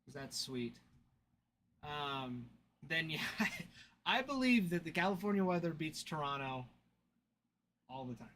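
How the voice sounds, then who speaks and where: Young male stream host, slightly high voice, loose and chatty, faint room ambience. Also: expressive, a little slow, pauses often, fairly bright tone, slight background noise. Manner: chatty storyteller, laughs often, thanks viewers. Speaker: card break livestream host. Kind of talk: casual livestream chat.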